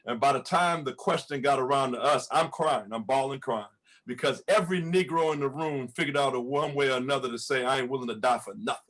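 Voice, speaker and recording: A man's voice: medium pitch, a little fast, fairly bright tone. A man who is a pastor, speaking fervently on a panel, laughing often and repeating words when stirred. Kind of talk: impassioned panel testimony.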